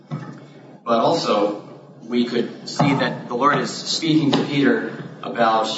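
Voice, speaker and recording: A man giving an informal Bible study, measured and thoughtful, with pauses and hesitations, recorded from a distance in a room. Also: medium pitch, noisy background. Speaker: Bible teacher. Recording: roomy, distant, dull mic.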